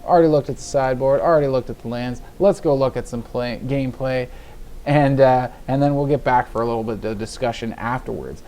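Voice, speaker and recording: Yawning and a bit tired, a gaming video host chats his way through a card game, talking over his deck and plays and laughing at his own mistakes. His dark, medium-pitched voice runs a little fast, with a little hiss or hum in the recording.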